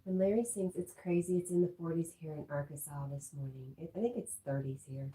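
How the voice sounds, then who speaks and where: A woman's voice: deep voice, steady tone, a little fast, dark tone, breathy edge. A woman hosting a casual livestream from home. She chats easily, talks to her dog and reads viewer comments aloud. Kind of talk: casual live-stream chat. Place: at home indoors.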